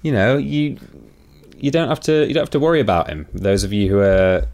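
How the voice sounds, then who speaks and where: A man's voice: lowish voice, fairly even intonation, a little fast, crowd noise. A man co-hosting a podcast, talking casually with many ums and restarts. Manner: hesitant, lots of ums and restarts. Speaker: podcast co-host. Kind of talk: casual chat.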